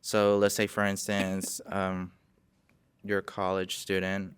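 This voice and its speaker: A man's voice: deep voice, monotone, takes it slowly, clear, resonant tone, no echo. A young man hosting a casual podcast interview, rambling and stopping to correct himself with apologetic asides. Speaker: podcast host.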